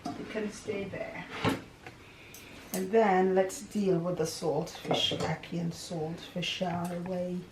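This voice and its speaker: A woman's voice: fairly low pitch, little pitch movement, slow, darkish tone, distant mic. A woman, chatting playfully and laughing as she cooks outdoors in a garden for a cooking vlog. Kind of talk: casual cooking chat. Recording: echoey with faint noise.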